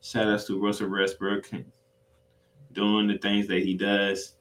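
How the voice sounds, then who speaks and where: A man hosting his own sports podcast, recapping games in a solo monologue with an emphatic, excitable, casual slangy delivery and free swearing. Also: lowish voice, unhurried, slight background noise, rough recording.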